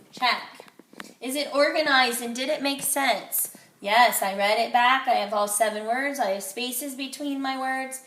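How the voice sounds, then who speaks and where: A woman teacher giving an early-grade phonics lesson, speaking slowly and clearly, sounding out words and praising the class. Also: on the high side, a bit bright. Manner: slow, clearly enunciated, encouraging, sounds words out. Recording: echoey room, faint noise.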